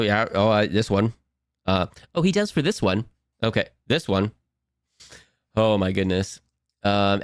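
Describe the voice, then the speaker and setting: A man's voice: fairly low pitch, clean tone, no room sound, studio quality. A man hosting a cartoon watch-along stream from home at his computer, rambling and giggling as he answers chat. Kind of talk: casual live-stream chat.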